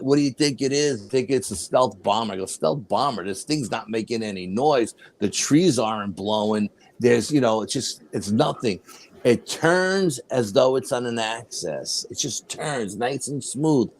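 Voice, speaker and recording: An older man telling a paranormal story as an interview guest, acting out the dialogue as he goes. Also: on the low side. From New York. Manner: animated storyteller, acts out quoted dialogue.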